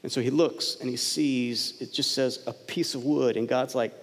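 A man preaches in a church sanctuary, his mid-pitched voice carried by a long hall reverb. He talks to the congregation in a conversational way, dropping suddenly soft and then pushing up into emphatic lines. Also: fairly even intonation, moderate pace. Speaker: pastor. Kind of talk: sermon.

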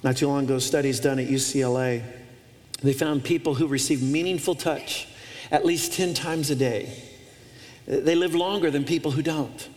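A man's voice: medium pitch, fairly even intonation, moderate pace, darkish tone. A male pastor preaching a sermon, emphatic, with repeated phrases and restarts. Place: church auditorium. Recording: long reverb of a large hall.

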